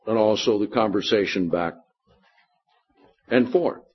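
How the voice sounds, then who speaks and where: A man's voice: fairly low pitch, unhurried, slightly rough, lo-fi sound. A male pastor preaching a Bible study sermon, explaining scripture verse by verse and checking in with his listeners.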